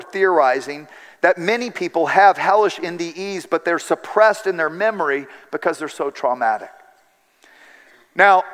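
A middle-aged man with a high voice delivers a sermon, pressing hard on the emotional peaks of his stories. His words ring out with a long reverb that fills a large hall. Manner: storytelling with rising emotional emphasis. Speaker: preacher.

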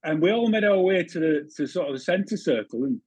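In a dry recording, a slightly high, animated, somewhat fast male voice with a darkish, slightly rough tone tells football anecdotes. He's in his fifties, a former goalkeeper guesting on a podcast, keeping the storytelling chat casual, with many restarts and laughter.

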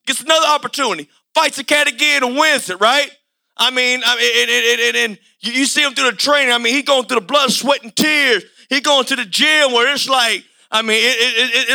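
A male preacher delivering a sermon in loose, everyday speech, circling back over his phrases and often building to a shout. His voice is high and sharply bright. A gravelly edge runs through it. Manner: impassioned, colloquial, repetitive, often shouting.

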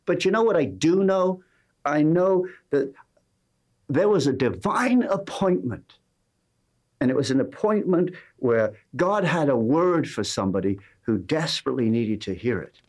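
A man's voice: on the high side, lively intonation, measured pace, a little mellow. A man with an English accent, a pastor preaching a sermon and telling a personal story with dry humor and earnest appeals to his congregation. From England.

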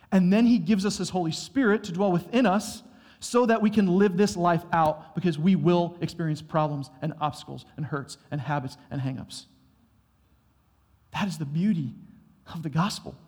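A man's voice: a little high, darkish tone. A man preaching a sermon in a church, conversational, acting out short bits of dialogue as he goes. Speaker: pastor. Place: church sanctuary. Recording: long hall reverb.

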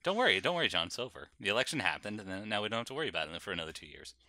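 A man's voice: on the low side, very animated, rapid-fire, bright, forceful tone, no echo, clean studio sound. Joking man co-hosting a podcast. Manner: joking, laughs often. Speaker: podcast co-host. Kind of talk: casual chat.

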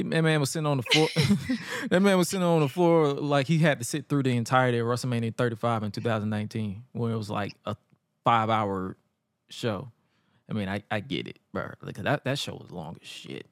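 A man co-hosting a podcast, telling stories in animated, joking casual chat. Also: medium pitch, no echo, studio quality. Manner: animated, joking storytelling with acted quotes. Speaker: podcast co-host. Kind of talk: casual chat recapping wrestling.

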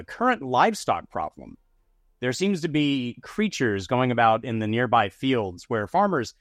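A man runs a tabletop game as its dungeon master, his voice moving up and down a lot as he narrates. The sound is close and dry, with faint music underneath. He takes his time and fills pauses with small hesitations. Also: mid-range voice, dry recording. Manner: unhurried, with frequent fillers.

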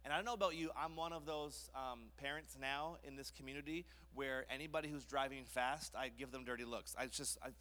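A young man preaching a sermon in a church, telling lively family stories between scripture points. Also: mid-range voice, brisk, hardly any pauses. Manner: lively storytelling with kid impressions. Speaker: pastor. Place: church sanctuary. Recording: church hall reverb.

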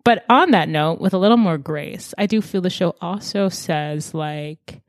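Woman co-host, earnest and reflective, lowish voice, dry sound. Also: measured pace, no room sound. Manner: earnest, reflective, casual slang. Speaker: podcast co-host discussing a TV show. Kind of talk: casual discussion.

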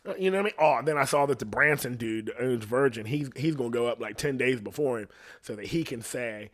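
Profane man ranting casually. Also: quick pace. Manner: profane, rambling, laughs often; drops to a low mutter at times. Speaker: podcast host. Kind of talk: casual comedic rant.

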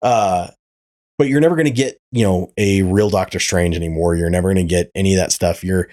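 A man's voice: sits low, a little fast, darkish tone. A man hosting a podcast, ranting in casual chat, swearing freely and stumbling over repeated words. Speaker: podcast host.

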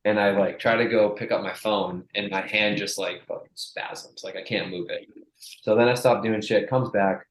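A young adult man, a strength coach, telling a profane, animated story in casual chat and acting out the people he quotes. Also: on the low side, normal speed, reverberant, a little hiss or hum, poor audio.

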